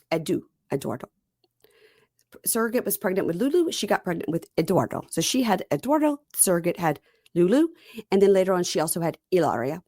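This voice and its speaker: Chatty woman, low, very dry sound. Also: a little mellow, dry recording. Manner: chatty storyteller, quotes people in voices. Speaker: podcast host. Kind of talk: casual chat about reality TV.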